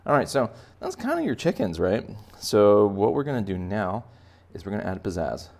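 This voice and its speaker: A man's voice: fairly low pitch, very animated, moderate pace, vocal fry, a little mellow. A man giving a playful, chatty step-by-step drawing lesson for kids. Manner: playful, chatty, talks to children directly. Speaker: art teacher.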